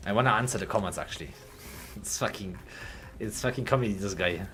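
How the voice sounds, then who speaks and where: A young German-accented man talks loosely to his livestream chat between game moments, blunt and joking, with a curse here and there. His voice sits on the low side but comes across bright and forward. Faint background music plays under him. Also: a little fast. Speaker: game streamer. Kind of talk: casual livestream chat while gaming.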